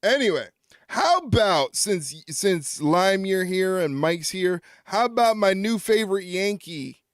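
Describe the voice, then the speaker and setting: A man's voice: high-pitched, expressive, measured pace, dry recording, studio quality. A man streaming, talking in a loose, profane, casual chat and laughing a lot.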